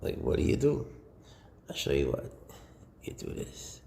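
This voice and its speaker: A man who keeps snakes, chatting casually to camera and cooing baby talk to a snake, often dropping into a whisper, then giving relaxed handling advice. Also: low voice, a little slow, creaky, pauses often, reverberant, very noisy. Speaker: snake keeper.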